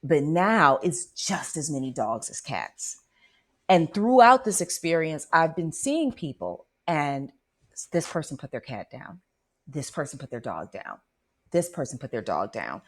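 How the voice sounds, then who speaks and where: Speaking in a deep voice with a breathy edge and a slightly slow pace, a woman hosts a spiritual radio show. She tells a personal story in an animated, dramatic way, often checking in with listeners.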